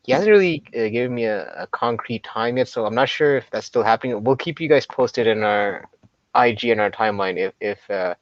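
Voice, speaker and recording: A man's voice: mid-range voice, a little fast, no echo. A man with a nasal, allergy-congested voice co-hosts a casual live-stream chat and jokes at his own expense. The sound is dry and dull, like a lo-fi mic. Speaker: co-host.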